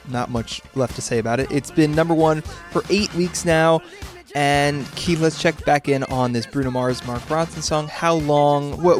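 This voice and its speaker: Chatty male podcast host. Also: on the high side. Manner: chatty, laughs often, fillers and restarts. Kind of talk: casual podcast chat. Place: based in New York.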